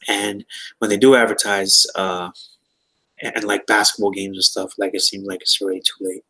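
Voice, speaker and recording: Man, low voice, casual rambling tech-talk host. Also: little pitch movement, moderate pace, pushed and bright, breathy edge, rough recording. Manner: rambling, lots of fillers and restarts. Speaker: podcast host.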